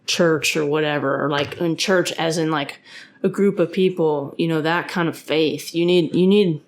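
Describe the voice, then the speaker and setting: On her own podcast, a mother of a young son discusses faith casually and earnestly, her low voice fairly even in intonation at a normal pace. She tends to ramble, restarting often and filling gaps with fillers.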